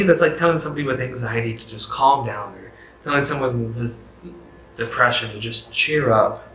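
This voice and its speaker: A man's voice: medium pitch, fairly bright tone, roomy sound, slight background noise, rough recording. A man leading a youth group bible lesson, talking casually and asking viewers questions. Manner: conversational, self-correcting, asks viewers questions.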